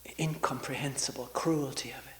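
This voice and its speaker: A woman in her sixties giving a reflective spiritual talk as a meditation retreat teacher. She talks slowly and searchingly, with long pauses and often drops into a half-whisper. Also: extremely low pitch, fairly even intonation, fairly bright tone, poor audio.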